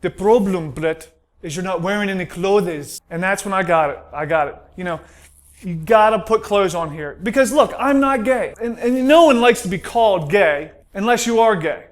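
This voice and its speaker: A man's voice: sits high, expressive, normal speed. An American man doing a stand-up comedy routine, telling stories and acting out the dialogue. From United States. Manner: storytelling, acts out dialogue.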